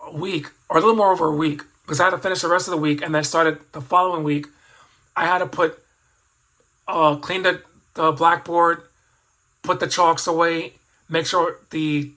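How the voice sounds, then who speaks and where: A man's voice: fairly high pitch, bright, forceful tone, poor audio. A man in his fifties telling a personal childhood story as a toy collector vlogger. He rambles and reflects, restarting sentences and adding asides as he goes.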